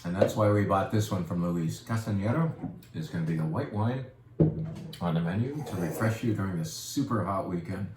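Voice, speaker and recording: This deep-voiced wine shop host talks at a moderate pace, a little mellow, keeping his casual wine presentation chatty, playful, and self-deprecating. There's a little hiss or hum, and the room echoes with faint ambience.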